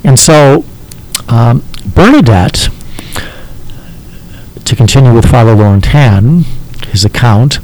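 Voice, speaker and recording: A man explaining a text to a listener as a teacher, halting and often checking in with "okay?". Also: medium pitch, animated, a little mellow, low-quality recording.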